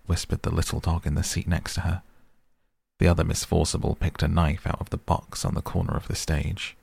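A man reading a storybook aloud at a slow, measured pace. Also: low-pitched, flat delivery, gravelly, a little mellow, breathy edge, no room sound. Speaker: narrator.

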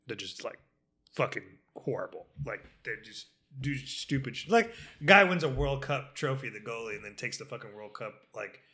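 A man with a strikingly bright, forward tone chats on a casual podcast. He rambles through stories with lots of fillers, restarts and casual swearing, at a middling pitch. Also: animated, moderate pace. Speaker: podcast co-host. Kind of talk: casual chat.

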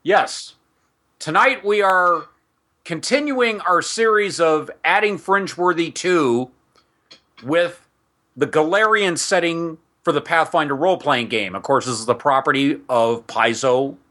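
A man with a bright, forceful, fairly high voice hosts a tabletop role-playing podcast. He rambles casually, throws asides to listeners, and reads lore passages aloud. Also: a little slow. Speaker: podcast host and game master. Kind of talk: casual chat mixed with reading setting text aloud.

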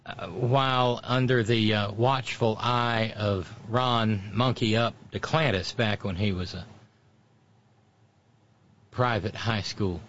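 A man's voice: on the low side, steady tone, takes it slowly, a bit bright, dull audio. A man hosting casual political commentary, sardonic and mocking, with frequent asides.

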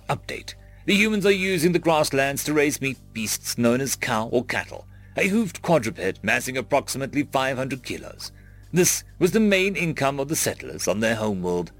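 A man narrating a story in a measured, expressive storytelling style. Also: medium pitch.

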